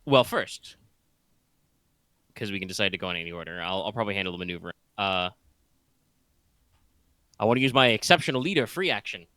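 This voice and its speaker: A man taking part in a tabletop session, working through his options out loud and hesitating often. His voice is fairly low but bright and forceful. It is recorded close and dry. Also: expressive, brisk, pauses often, smooth, no room sound. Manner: thinks aloud, hesitant, full of fillers. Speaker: player. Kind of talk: casual tabletop play.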